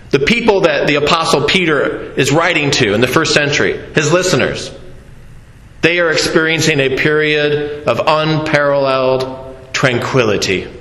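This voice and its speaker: Preacher, male, slightly high voice, storytelling sermon, echoey church hall. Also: fairly bright tone. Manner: storytelling, slow deliberate delivery, playful asides to congregation. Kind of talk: sermon with audience interaction.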